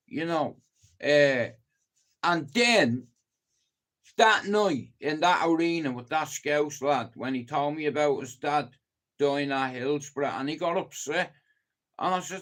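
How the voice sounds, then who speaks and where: Slow, sweary Irish man. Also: on the high side, a bit bright. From Ireland. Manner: sweary, emphatic storytelling. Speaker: live streamer. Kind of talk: casual live-stream monologue.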